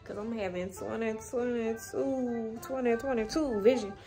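A woman's voice: fairly high pitch, fairly even intonation, a little slow, warm tone, faint music behind. A young woman chatting casually to her viewers in a phone vlog from her bedroom, loose and slangy, swearing freely. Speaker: vlogger. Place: bedroom at home. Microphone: phone camera.

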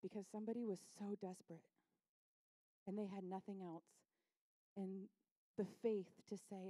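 A woman pastor preaching a conversational sermon, acting out characters' lines in quick voices and often asking "right?". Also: mid-range voice, steady tone, dark tone, no echo.

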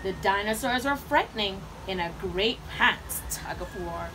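A woman reading picture books aloud to children, with expressive, animated storytelling. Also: medium pitch, unhurried, noisy background.

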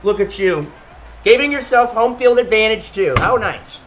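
A young man streaming a football video game, teasing his opponent with playful trash talk between quick play calls. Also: high voice, expressive, lo-fi sound, a little hiss or hum. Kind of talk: casual gaming stream chat.

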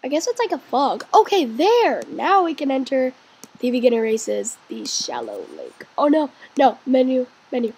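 A woman hosts a let's play, chatting excitably while gaming and cheering her character on, now and then dropping into a whisper. Her voice is high-pitched and husky, at a normal speed.

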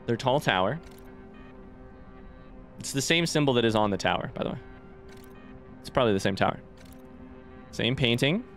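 A man's voice: medium pitch, lively intonation, moderate pace, pauses often, a bit bright, soft background music. A young man giving casual let's play commentary on a blind playthrough, swearing freely and gasping or shrieking when startled. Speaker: gaming YouTuber.

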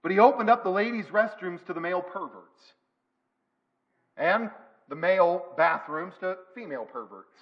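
A man preaches a sermon in a church, pressing his points with repeated phrases. His voice sits high for a man. The recording is dull and lo-fi. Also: animated, moderate pace, soft background music. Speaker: pastor. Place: church sanctuary.

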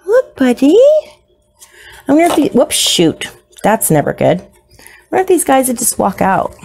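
A woman's voice: sits high, sing-song, normal speed, gravelly, darkish tone, husky, faint music behind. A woman narrating a casual unboxing of her new pets, gushing and slipping into baby talk. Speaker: isopod hobbyist vlogger.

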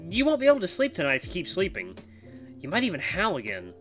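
A man voicing an energetic, bossy male tiger friend in a visual novel game, chummy and brisk. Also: sits high, soft background music, voice pushed up, full character voice. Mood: chiding. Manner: brisk, chummy, calls people lad and mates.

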